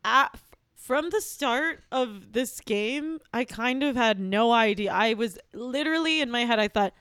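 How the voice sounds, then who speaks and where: Gushing woman running a comedy game, slightly high voice, dry sound. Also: a little slow, smooth, no echo. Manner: excitable and gushing. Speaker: game host.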